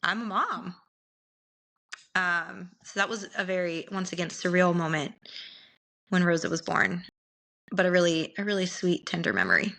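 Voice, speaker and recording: Young woman, bright voice, lively podcast storyteller who laughs easily. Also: lowish voice, normal speed, gravelly.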